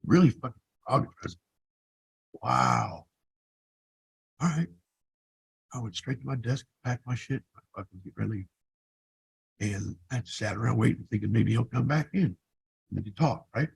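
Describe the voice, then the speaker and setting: Gravelly husky man in his fifties. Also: mid-range voice, sing-song, unhurried, pauses often, poor audio. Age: 50s. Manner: blunt and profane, rambling with restarts. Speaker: vlogger. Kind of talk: casual personal storytelling.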